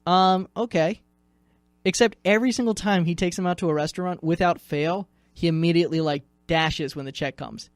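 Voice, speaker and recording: A man's voice: a little high, normal speed, dry recording. Male radio co-host, playful teasing chat, dry close mic. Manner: joking, teasing, lots of "like" and restarts. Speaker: radio news director, podcast co-host. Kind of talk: casual chat.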